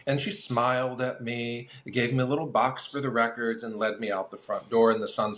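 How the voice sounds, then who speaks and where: A man, a guest on a collectors' chat, telling lively anecdotes and acting out the people in them. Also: medium pitch, moderate pace, few pauses. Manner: lively anecdotal storyteller with acted quotes. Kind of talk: casual storytelling.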